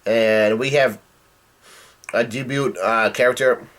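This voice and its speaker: A man walks through a comic chapter out loud in a loose, casual way. He stumbles and restarts often and drops blunt asides between the lines. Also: medium pitch, fairly even intonation, slow pace. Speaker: comic reader and reviewer.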